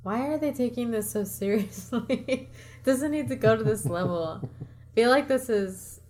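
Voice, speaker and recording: A woman's voice: on the high side, measured pace, darkish tone, slight background noise. A woman co-hosting a podcast, chatting casually and reacting with wry, teasing remarks. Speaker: podcast co-host. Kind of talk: casual chat.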